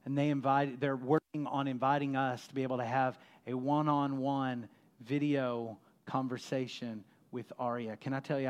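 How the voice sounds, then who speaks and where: A middle-aged pastor preaches an impassioned sermon, building to loud, emphatic peaks before falling back low and soft.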